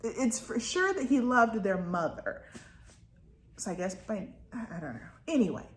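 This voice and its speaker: A woman's voice: fairly high pitch, very animated, moderate pace. A woman talking casually about a book she is reading, rambling with lots of asides and fillers. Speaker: book reviewer. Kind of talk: casual book review chat. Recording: roomy echo.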